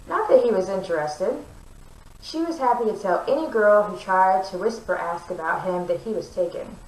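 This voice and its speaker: Woman reading a novel aloud for her channel, expressive, mid-pitched, echoey room, mic set back. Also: distant mic. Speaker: book reader.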